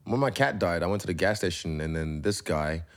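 In an animated, low voice at a fairly quick pace, a pro fighter rambles through an interview as a guest. He's open and casual, cursing without restraint.

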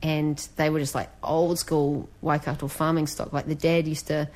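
Chatty New Zealand woman, low-pitched. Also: level tone, moderate pace, darkish tone. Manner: chatty, rambling, frequent "like" and "you know". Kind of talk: casual chat.

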